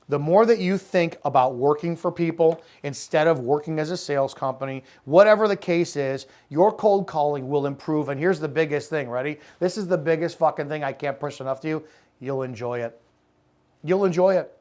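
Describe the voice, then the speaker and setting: A man's voice: a little high, moderate pace, darkish tone. A middle-aged man coaching network marketers on cold calling, blunt and profane, acting out sales calls in character. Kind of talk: unscripted motivational talk.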